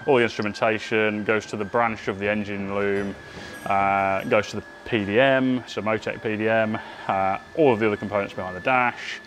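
An upbeat man walks through a car build in a casual workshop update, chatty and fond of a joke at his own expense. His voice sits fairly low, with a faint workshop hum behind him. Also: steady tone, moderate pace, fairly bright tone. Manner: chatty and upbeat, self-deprecating jokes. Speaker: workshop presenter.

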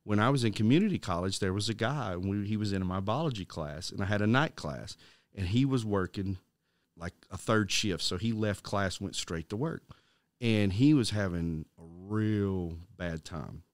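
A middle-aged man co-hosting a casual Christian podcast, telling a story with halting restarts and acting out the voices of the people in it. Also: lowish voice, no room sound, clean studio sound. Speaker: podcast co-host.

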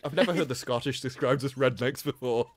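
A man's voice: mid-range voice, brisk. A man from England, chatting and joking casually on a podcast. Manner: lively, joking, laughs often. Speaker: podcast co-host. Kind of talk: casual chat.

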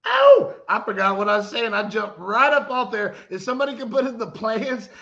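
A male preacher with a high voice gives a fervent sermon, swinging from conversational storytelling to loud exclamations. The audio is dull and lo-fi. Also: brisk, gravelly. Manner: retells stories with quoted dialogue.

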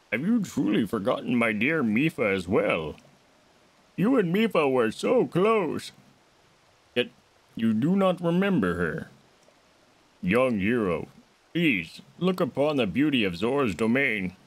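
A man's voice: medium pitch, sing-song, unhurried, pauses often. A man voicing a giant, regal old fish king, using formal old-fashioned speech. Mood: wistful. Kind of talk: voicing game dialogue on a stream.

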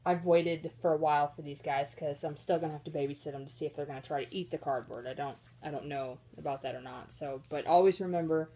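Filming her pets at home on a handheld phone, this chatty, giggly vlogger has a slightly husky, lowish, dark voice with fairly even intonation, a quick pace and few pauses. Off camera, she narrates casually and gives her cats squeaky little voiced thoughts.

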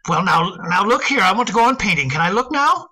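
A woman voicing a gentle, fond middle-aged father in a radio drama, hesitant and given to repeating words. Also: medium pitch, big pitch swings, quick pace, husky, full character voice, poor audio. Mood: fond teasing.

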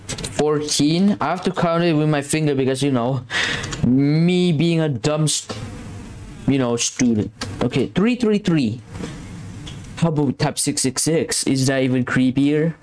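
Over a horror game, a male commentator speaks at a measured pace in a fairly high, darkish voice. He sounds jittery and scared, rambling and repeating himself, with a noisy background behind him.

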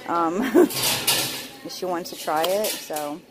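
Chatty lower-voiced woman vlogging. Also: normal speed, over music. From United States. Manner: chatty, animated, talks straight to the camera. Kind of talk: casual vlog chat.

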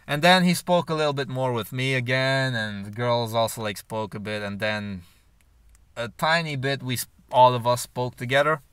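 A man's voice: medium pitch, moderate pace, a bit bright, clean tone, dry recording. A man telling a long personal story in a rambling, profane way, full of filler words. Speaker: vlogger. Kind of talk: casual storytelling monologue.

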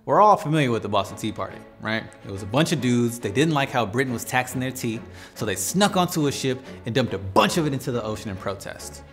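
A man's voice: mid-range voice, lively intonation, fast talker. A man hosting an educational explainer video in a playful, conversational way. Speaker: host. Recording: faint music behind.

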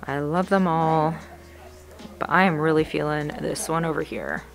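A woman's voice: low voice, normal speed, creaky. Gushing woman browsing a plant nursery. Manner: gushing, excitable, narrating as she browses. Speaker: plant vlogger. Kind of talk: casual shopping vlog narration.

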